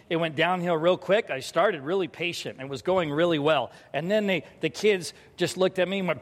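A man preaching a sermon as pastor, telling a parenting story and acting out the scenes with lively energy. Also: sits high. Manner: animated storytelling, acts out scenes. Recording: hall reverb.

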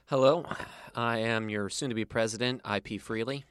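A man voicing a laid-back stoner male presidential candidate who talks low and hesitant. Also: steady tone, normal speed, fairly bright tone, smooth, no room sound, natural voice. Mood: goofy.

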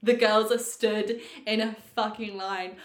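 Woman, podcast co-host, animated sweary storyteller, mid pitch, roomy echo on the mic. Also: unhurried. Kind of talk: casual storytelling chat.

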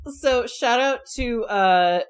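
A woman's voice: fairly high pitch, slow pace, smooth. A woman in casual movie chat, laughing a lot and mimicking characters' reactions.

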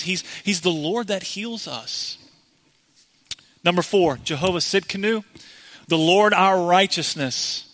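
A man's voice: fairly high pitch, fairly bright tone. A man preaching a sermon in a church, speaking earnestly and directly to the congregation. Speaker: pastor.

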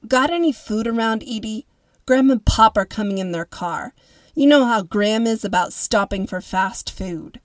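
A woman's voice: on the high side, normal speed, dry recording, lightly acted. A woman voicing a cocky teenage boy who talks in a flippant, offhand way.

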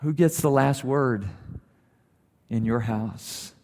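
Male pastor, sermon with storytelling, mid-pitched voice, long church reverb. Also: slow pace, pauses often. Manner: storytelling, voice rising in emphasis then softening to prayer. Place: church sanctuary.

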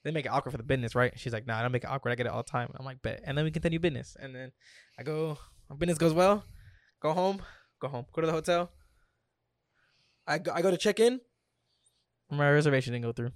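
A man's voice: a little high, quick pace, dry recording, studio quality. A young man telling a made-up scenario in casual chat with a friend, acting out every exchange in slang. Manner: animated storyteller, acts out quotes with slang. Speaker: storyteller in a hypothetical scenario game. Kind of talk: casual banter between friends.

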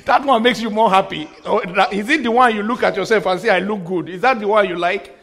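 High-voiced emphatic male preacher. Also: fast talker, a bit bright. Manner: emphatic preacher with repeated refrains and humorous asides. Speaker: pastor. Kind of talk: sermon.

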